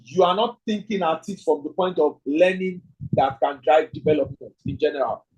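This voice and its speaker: A man teaches an online leadership class, thinking aloud, tagging points with "right?" and reading out participants' chat answers during the lecture and audience questions. His voice is fairly high, darkish and breathy at a moderate pace, on a muffled recording.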